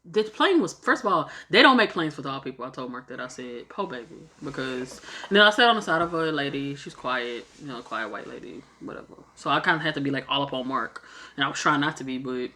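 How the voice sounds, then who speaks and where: A woman's voice: very deep voice, fast. A young woman casually telling a travel story, swearing freely and acting out what people said. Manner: animated, swears freely, acts out quotes.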